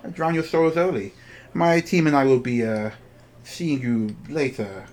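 A man voicing a tall, haughty female cat-person rival who talks down to others with drawn-out, condescending sneers in a tabletop game. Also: mid-range voice, darkish tone, natural voice. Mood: sneering.

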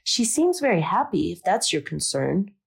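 A woman reading the part of a kind, tactful older woman who speaks in a gentle, coaxing way. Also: fairly low pitch, big pitch swings, moderate pace, creaky, slightly rough, exaggerated voice.

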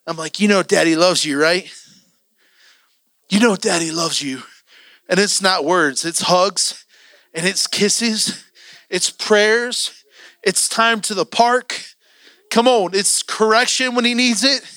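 A male preacher delivers an impassioned sermon in a church, urging his congregation on. His voice is high and bright, with a forceful edge. The sound is dry and close. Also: slow, long pauses, no echo.

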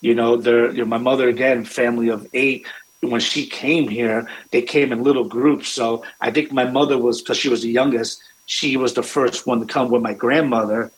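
A man's voice: medium pitch, fairly even intonation, moderate pace, poor audio. A man, a restaurant owner, telling family stories in a rambling way, with many fillers and restarts. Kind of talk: conversational storytelling.

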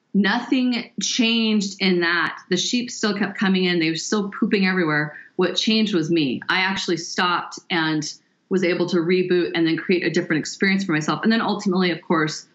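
Low-voiced woman telling a story. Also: dull audio. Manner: animated, draws out words for emphasis. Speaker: guest. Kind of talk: conversational storytelling.

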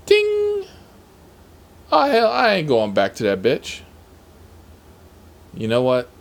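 A man's voice: mid-range voice, huge pitch swings, a little slow, creaky. A man who drives for a rideshare service, telling stories from his shifts in a sassy, heavily profane, emphatic way. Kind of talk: casual storytelling vlog.

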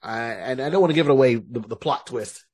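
A man's voice: mid-range voice, quick pace, slightly rough. A man co-hosting a podcast, chatting casually about a movie and acting out its dialogue. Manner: lively, acts out movie dialogue. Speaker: podcast co-host. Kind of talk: casual chat.

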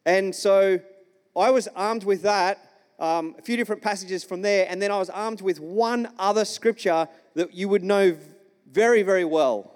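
High-voiced male pastor telling a story. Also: a little mellow. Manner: storytelling, engages the congregation with questions. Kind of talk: sermon. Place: church. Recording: long reverb of a church hall.

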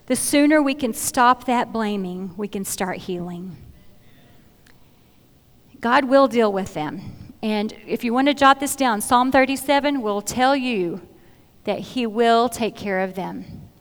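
A middle-aged woman speaks to a church gathering in an earnest, conversational way, often restarting phrases as she works toward her point. Her voice sits slightly high. The sound carries the long reverb of a large hall. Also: measured pace. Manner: earnest, conversational, repeats phrases while finding words. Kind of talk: sermon-style Bible teaching.

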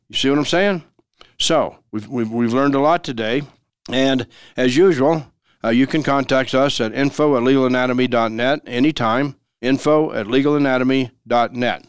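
Guy hosting a law podcast, smooth clear voice, dry close sound, folksy and repeats stuff. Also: medium pitch, normal speed, dry recording. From Denver, Colorado. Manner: folksy, repeats key phrases for emphasis. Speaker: podcast host and lawyer. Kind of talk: legal explainer podcast.

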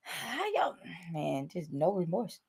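A woman's voice: on the low side, sing-song, vocal fry, a crowd in the background. A woman co-hosting a wrestling podcast, chatting casually, agreeing and laughing along. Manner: laid-back, quick to agree and laugh along. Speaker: podcast co-host.

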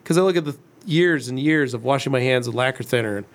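A man's voice: mid-range voice, fast talker. A man in his forties, co-hosting a casual livestream chat and telling rambling stories. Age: 40s. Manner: storytelling, rambling. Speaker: co-host.

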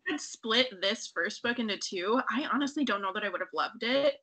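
Lively bright-voiced young woman chatting. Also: a little high, moderate pace, husky. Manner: animated, laughing, acting out her own reactions. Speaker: book club member. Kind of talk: casual book discussion.

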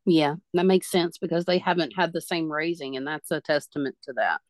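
Host and medium in their thirties, reassuring and encouraging, middle pitch, dry recording. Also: brisk, no echo. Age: 30s. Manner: reassuring, passes on messages from spirit. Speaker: podcast host and spiritual medium. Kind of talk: conversational podcast talk.

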